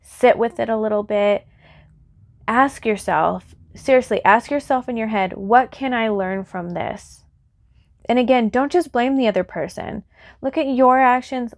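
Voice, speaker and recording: A woman's voice: mid-range voice, dry recording. Earnest woman giving a tarot reading. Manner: earnest, reassuring, speaks to the viewer directly. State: close to tears. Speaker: tarot reader.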